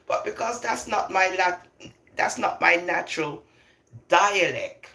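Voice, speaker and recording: A woman's voice: lowish voice, slow, gravelly, long pauses. Emphatic older woman, roomy echo. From London, England. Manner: emphatic, animated, laughs often between points. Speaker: vlogger. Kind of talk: opinionated casual monologue.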